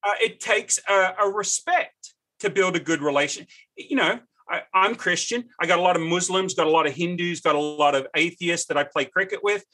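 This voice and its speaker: An Australian man in his fifties talks as a podcast guest, spinning lively, earnest anecdotes in a relaxed conversational way. His voice sits high for a man and has a bright, ringing edge. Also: normal speed. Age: 50s. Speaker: guest, business owner. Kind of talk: casual conversational storytelling.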